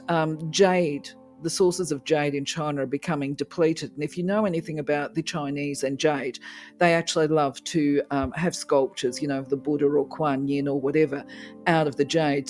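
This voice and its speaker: A woman hosting a crystal channel, telling a rambling story in a lively, casual way and acting out the dialogue. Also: low voice. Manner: animated, rambling, acts out quoted dialogue.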